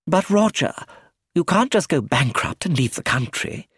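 Male reader as an elderly aunt, fretful, high-pitched, husky. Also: very animated, moderate pace, no echo, clean studio sound, heavily acted. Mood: anxious. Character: elderly aunt, fussy and anxious.

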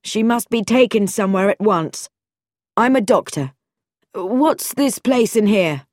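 A woman reading a storybook, voicing a young male doctor in a lower, curt and authoritative tone. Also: animated, a little slow, darkish tone, dry recording, clean studio sound, lightly acted.

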